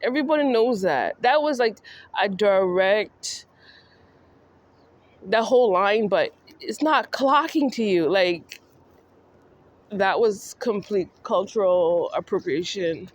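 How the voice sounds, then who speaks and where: A woman's voice: medium pitch, expressive, takes it slowly. A woman vlogger ranting in a scolding, mocking monologue that speaks straight to the person she criticizes. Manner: scolding, mocking, addresses the subject directly.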